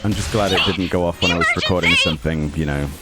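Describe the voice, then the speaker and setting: A man's voice: low voice, quick pace. A man giving casual let's play commentary, grumbling and sarcastic as he plays. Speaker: gaming YouTuber. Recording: game music playing under the voice. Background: game music.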